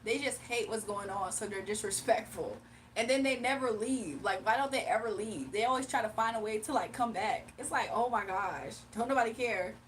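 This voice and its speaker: A woman's voice: mid-range voice, moderate pace, slight background noise. A young woman hosting a casual livestream, telling stories with lots of laughter and reading chat comments aloud. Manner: laughs often, animated storytelling, talks to chat. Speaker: livestream host.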